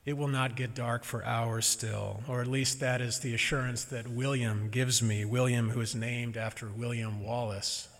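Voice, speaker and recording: A man preaching a sermon as a minister, gentle and reflective with touches of humor. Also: medium pitch, fairly even intonation, normal speed, few pauses, long reverb tail.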